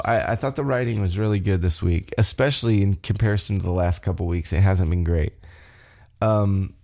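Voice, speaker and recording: A young man hosts a casual podcast recap, rambling excitedly and cursing now and then. His voice sits a bit low and sounds dark and mellow. He talks loosely, piling on asides. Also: vocal fry. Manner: rambling, excitable, swears freely. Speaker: podcast host.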